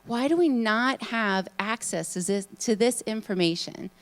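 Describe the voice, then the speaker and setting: A woman giving a live talk to an audience, chatty and excitable, with many fillers. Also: on the high side, measured pace. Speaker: conference speaker, hypnotist. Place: event room in front of an audience.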